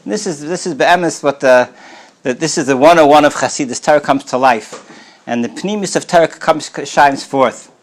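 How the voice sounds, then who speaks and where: Here a male rabbi teaches Torah through relaxed storytelling, sprinkling in Yiddish and Hebrew words while frequently clearing his throat and starting words again. He speaks at a moderate pace with a fairly high voice.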